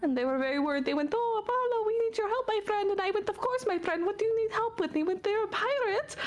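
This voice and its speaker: A woman's voice: very high voice, expressive, quick pace, voice pushed up. A woman voicing an eager, fawning male god who acts like a golden retriever, talking in a rambling, over-eager way. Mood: indignant.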